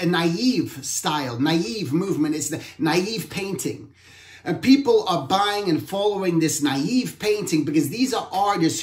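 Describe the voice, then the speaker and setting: Reflective man in an echoey room. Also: high voice. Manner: rambling, reflective, self-correcting. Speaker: artist hosting an art talk. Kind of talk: casual talk.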